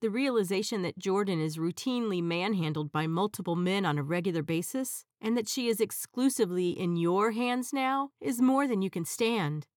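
A woman narrating an erotic audio story in a soft, even, intimate storytelling voice. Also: medium pitch, normal speed, few pauses, no room sound, clean studio sound.

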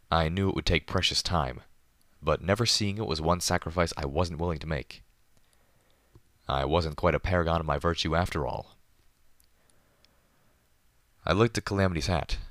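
A man with a very deep voice narrates a first-person story in a measured, even way. The recording is close and dry, with no room around him. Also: no room sound. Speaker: audiobook narrator.

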